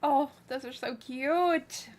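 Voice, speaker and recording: A woman chatting casually on a live game stream from her room, soft-spoken and giggly, gushing over cute things. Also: sits high, slow pace. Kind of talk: casual livestream chat while playing. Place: her own room, small fan running beside her.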